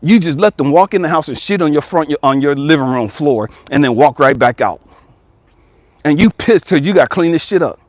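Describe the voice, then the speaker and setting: Male life coach, blunt and profane, preachy rant; slightly high voice, dry close mic. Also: lively intonation, a little fast, no echo.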